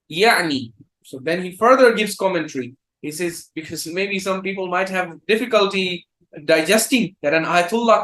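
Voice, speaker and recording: A man giving a religious lecture, reading Arabic passages quickly and then explaining them slowly in English. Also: high voice, pushed and bright, reverberant. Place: live video call session.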